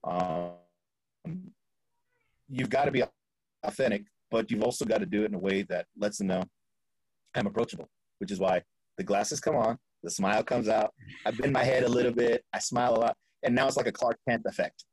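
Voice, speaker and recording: A man speaking as a podcast guest, telling a story in an animated way, acting out quoted voices and laughing often. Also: on the low side, a little fast, slightly rough, dry recording, poor audio. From Florida.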